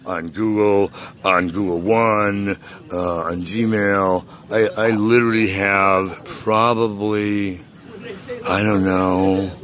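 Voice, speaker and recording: A man's voice: lowish voice, a bit bright. Furious, foul-mouthed man ranting on a call. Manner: agitated, profane, boastful. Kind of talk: profane angry rant on a call.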